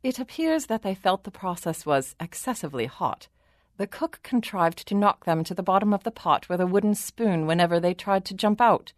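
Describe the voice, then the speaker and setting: A woman's voice: medium pitch, animated, normal speed, no echo, studio quality, natural voice. A woman voicing a palace servant who reports to the king in a polite, formal, matter-of-fact way. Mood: deferential.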